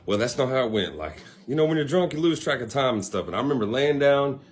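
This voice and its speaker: A man's voice: mid-range voice, animated, fast. A young man casually telling a personal story to the camera, rambling with many fillers and asides. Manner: rambling, laid-back, lots of fillers and asides.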